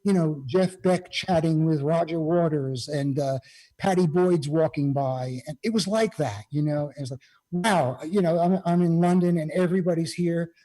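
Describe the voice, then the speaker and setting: A man's voice: fairly high pitch, normal speed, dark tone, rough recording. A man, a guest musician, chatting casually over a video call and telling rambling anecdotes full of "you know".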